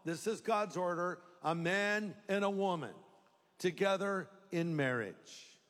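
A man's voice: sits high, lively intonation, slow, fairly bright tone. A man preaching a live sermon in a conversational, humorous way. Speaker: pastor. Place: large church hall. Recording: long reverb of a large hall.

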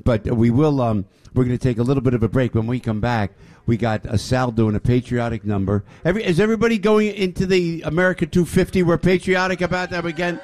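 A man hosting a lively radio show, effusive and often raising his voice. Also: fairly high pitch. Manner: excitable, effusive, raises voice often.

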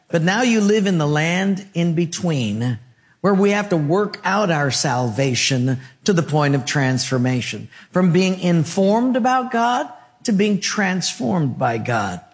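A man preaching a sermon as pastor, in rhythmic repeated phrases and short punchy lines, telling stories with good humor. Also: high voice.

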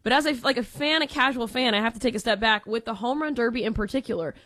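A woman co-hosts a sports radio show with a high voice, giving blunt, lively takes. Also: fast talker. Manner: opinionated, animated. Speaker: radio co-host. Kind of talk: casual sports radio chat.

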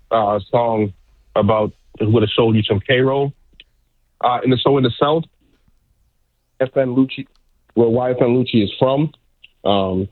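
A man's voice: medium pitch, no room sound. A man calling in to a radio show, explaining something in a laid-back way. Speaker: caller. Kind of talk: call-in radio. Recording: phone line.

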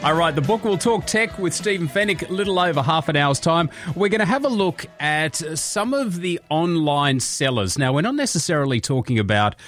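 A man's voice: a little high, expressive, moderate pace, few pauses, fairly bright tone, faint music behind. An Australian man hosting a breakfast radio show, chatting in a jokey way and laughing at his own asides.

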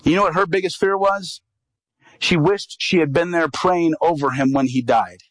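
A middle-aged male evangelist tells a story from the pulpit, slipping into the voices of the people in it. His voice sits a little high for a man. The sound is dry and close, with no room echo. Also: moderate pace. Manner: animated storyteller, acts out quoted dialogue. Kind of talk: sermon storytelling.

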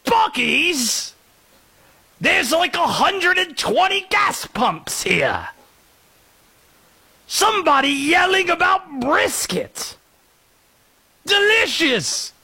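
A man's voice: very high voice, huge pitch swings, very slow, vocal fry, long pauses, sharp tone, voice pushed up, full character voice. A man voicing a comic European tourist with an exaggerated Australian-English accent. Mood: amazed.

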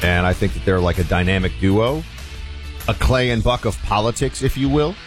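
A man's voice: on the low side, expressive, moderate pace, soft background music. A male radio talk host, chatting loosely with fillers as he takes calls.

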